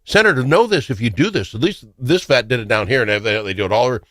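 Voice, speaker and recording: A man hosting a talk show, telling stories in a casual, excitable way. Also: mid-range voice, quick pace, no echo, studio quality. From Minnesota. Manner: animated, excitable storyteller. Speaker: radio talk show host. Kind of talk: casual storytelling chat.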